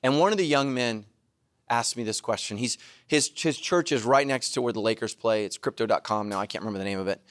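A middle-aged man preaching a sermon, self-mocking and animated, now and then bursting into shouts. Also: mid-range voice, fast, dry recording, clean studio sound. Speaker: pastor.

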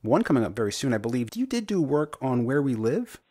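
A man hosting an interview, asking questions in a polite, measured way. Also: medium pitch, very animated, darkish tone, dry recording, clean studio sound. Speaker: podcast host.

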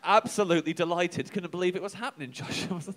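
A young man telling a comic anecdote on a live show, halting and self-deprecating, chuckling between lines. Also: high-pitched, fairly bright tone. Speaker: comedian telling a story.

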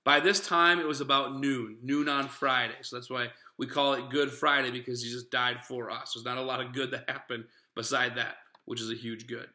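Brief: bright-voiced male pastor, casual earnest sermon, echoey church. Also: mid-range voice, level tone, normal speed, few pauses. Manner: earnest, conversational preaching with asides to listeners. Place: church sanctuary.

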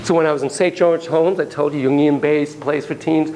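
A man lecturing a class, telling stories in an animated, playful way and acting out sound effects. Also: fairly high pitch, brisk, slight background noise, low-quality recording.

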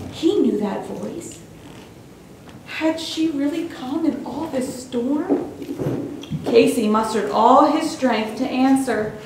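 A woman reading a suspenseful children's story aloud in a church, with expressive storytelling. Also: high voice, drawn-out words, pauses often, noisy background. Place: church sanctuary. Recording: very echoey hall, distant mic.

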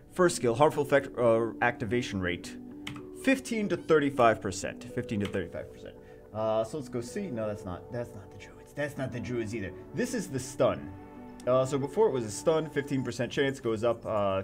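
A man giving casual, excited commentary on a game update, rambling with many restarts and fillers. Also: medium pitch.

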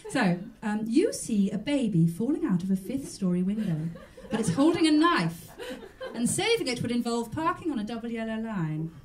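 A woman doing a stand-up character act as a mock chat show host. She sounds prim and genteel and rambles along. Her fairly high voice swoops up and down a lot, picked up by a mic set well back from her. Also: very animated, normal speed, far from the mic.

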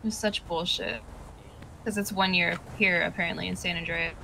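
A woman's voice: lowish voice, fairly even intonation, normal speed, vocal fry, noisy background. A woman in a live-streamed game roleplay, a chatty customer who rants and swears.

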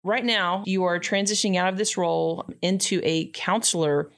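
Brief: woman radio host, low voice, encouraging interviewer. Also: moderate pace.

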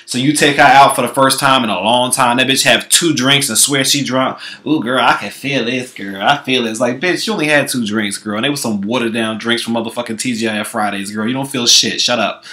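Man vlogger, bright and sassy, foul-mouthed comedic rant. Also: mid-range voice, steady tone, brisk, hardly any pauses. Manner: sassy, profane, calls listeners girl constantly. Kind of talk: comedic commentary.

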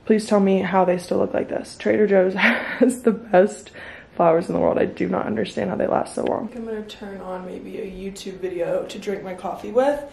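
A chatty young woman talks to her camera at home, excitable and full of fillers. Her voice has a gravelly, fried edge. The room rings with echo, with a faint hiss behind. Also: medium pitch, a little fast. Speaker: vlogger. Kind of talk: casual vlog chat.

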